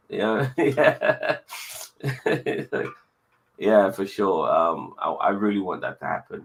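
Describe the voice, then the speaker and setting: Deep gravelly guy hosting a nerdy chat stream, swears a lot, laid back. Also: very animated, takes it slowly, long pauses, low-quality recording. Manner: blunt, swears freely, upbeat sign-offs. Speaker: podcast host. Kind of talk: casual online show chat.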